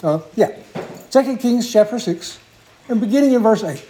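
Man, preacher, sermon storytelling, high-pitched, warm mellow tone, earnest. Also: expressive, rough recording. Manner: earnest, unhurried storytelling with small restarts.

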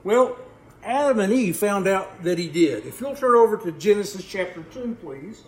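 A man's voice: sits high, lively intonation, moderate pace. A man preaching a sermon, often repeating his words and asking the congregation questions. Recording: echoey room, faint background noise.

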